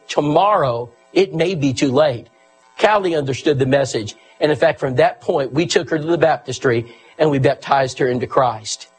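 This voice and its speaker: A man's voice: fairly high pitch, husky, low-quality recording. A man preaching a sermon, telling a story with earnest emphasis and quoting the people in it.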